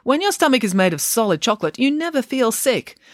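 A woman's voice: fairly high pitch, sing-song, brisk, no echo, studio quality, pitched above the performer's own voice. A woman voicing a bossy, self-assured pig nanny in a read-aloud storybook, speaking emphatically like a know-it-all. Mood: emphatic.

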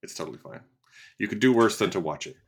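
Low-voiced man, dry and weary. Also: animated, fast talker. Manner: dry, weary, trails off, many filler likes. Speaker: podcast co-host. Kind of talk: casual film review chat.

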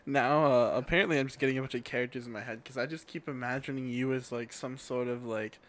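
A man's voice: medium pitch, fairly even intonation, quick pace. A man co-hosting a casual podcast, joking around and laughing while riffing on the topic. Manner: jokey, riffs with silly character bits, laughs a lot. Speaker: podcast co-host.

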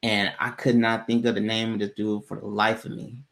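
A man's voice: lowish voice, little pitch movement, a little fast, gravelly, fairly bright tone. A man in casual conversation, telling a personal story in a candid, loose way with plenty of swearing.

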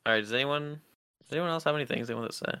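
A man's voice: medium pitch, racing, sharp tone, clean tone, dry recording, studio quality. A man co-hosting a casual podcast chat, rambling through stories, swearing and laughing often. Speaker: podcast co-host.

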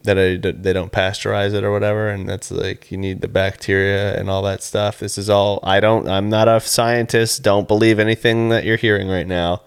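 Comedy podcast co-host, male, lowish voice, rambling and giggly. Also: little pitch movement, moderate pace, hardly any pauses, clean tone. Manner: rambling, laughs often, acts out quoted people. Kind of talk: casual chat.

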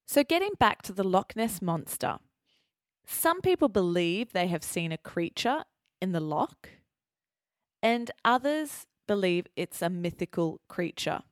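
Woman, host and teacher, lowish voice, clear measured delivery, dry close sound. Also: big pitch swings, dry recording. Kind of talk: explaining vocabulary, then interviewing.

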